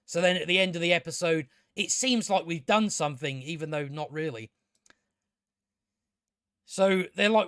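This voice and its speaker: High-voiced sarcastic man ranting. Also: normal speed, fairly bright tone, dry recording, clean studio sound. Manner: sarcastic, profane, hesitant with many restarts. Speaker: video reviewer. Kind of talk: rambling casual recap review.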